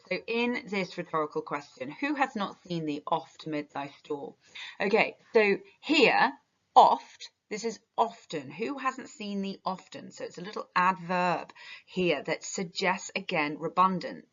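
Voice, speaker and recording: Low-voiced woman teaching poetry. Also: fairly bright tone, lo-fi sound. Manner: thinking aloud with fillers, stressing key words. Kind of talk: literature lesson with close reading.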